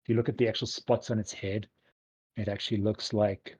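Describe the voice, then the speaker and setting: A man's voice: lowish voice, flat delivery, fairly quick, a little mellow, breathy edge, low-quality recording. A man narrating as game master of a tabletop game, rambling along with lots of ums and likes.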